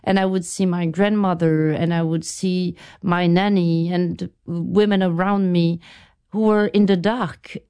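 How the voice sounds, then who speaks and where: Low, smooth-voiced woman recalling her past. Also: fairly even intonation, dark tone. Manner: thoughtful, halting, with restarts. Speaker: interview guest, writer. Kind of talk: reflective interview answers.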